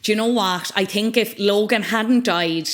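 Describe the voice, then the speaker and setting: A woman's voice: mid-range voice, normal speed. A young woman co-hosting a podcast in casual chat, playful and chatty, often laughing as she talks. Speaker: podcast co-host.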